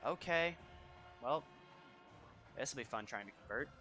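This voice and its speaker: Young male gamer, bright forceful voice, excitable play-by-play over faint music. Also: medium pitch, measured pace. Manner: excitable, reacting loudly to plays. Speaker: gaming YouTuber. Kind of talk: casual gameplay commentary.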